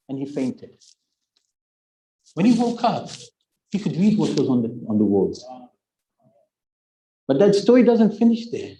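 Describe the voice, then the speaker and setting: A man's voice: on the high side, very animated, normal speed, pauses often, mellow, roomy sound, rough recording. A man in his sixties giving a Muharram sermon, telling a story, acting out its dialogue and adding joking asides to the audience. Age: 60s. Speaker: religious speaker.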